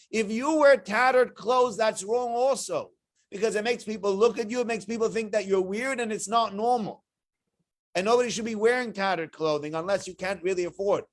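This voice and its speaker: High-voiced rabbi teaching Torah. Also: male voice. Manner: animated, full of rhetorical questions. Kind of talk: weekly Torah portion lecture.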